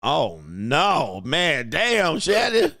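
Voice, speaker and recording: A man's voice: high-pitched, gravelly. A man hosting a casual reaction commentary, slangy and often laughing and exclaiming. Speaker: commentary channel host.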